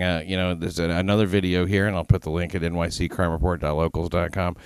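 Podcast host, male, lowish voice, dry close sound, sardonic deadpan delivery. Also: fast, hardly any pauses, clear, resonant tone, dry recording. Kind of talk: casual podcast chat.

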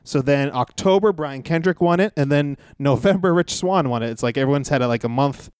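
A man co-hosting a podcast in casual chat, brisk and keeping the conversation moving. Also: fairly high pitch, darkish tone, clean tone, dry recording, studio quality. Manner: brisk, keeps the talk moving, laughs often. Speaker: wrestling podcast co-host.

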